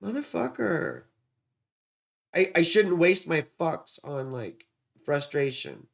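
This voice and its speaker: A man's voice: fairly high pitch, very animated, slow, vocal fry. A man hosting an astrology livestream, rambling and distracted as he reads horoscopes, swearing casually.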